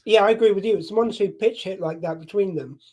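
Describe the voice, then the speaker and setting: A man's voice: high-pitched, quick pace, a little mellow. A man from the United Kingdom, hosting a casual chat in a wry, teasing manner.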